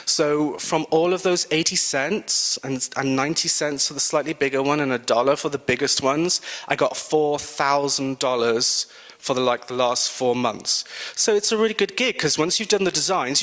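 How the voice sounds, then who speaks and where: British male designer, self-mocking and lively, slightly high voice, echoing hall. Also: moderate pace. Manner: chatty and animated, with self-mocking asides. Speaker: designer giving a guest talk. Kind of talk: casual presentation to students. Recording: long reverb in a hall.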